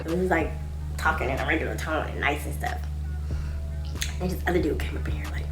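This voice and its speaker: A woman in her twenties telling a storytime vlog in a blunt, profane, animated way. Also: deep voice, fairly quick, long pauses, soft background music. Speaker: vlogger. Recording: echoey room.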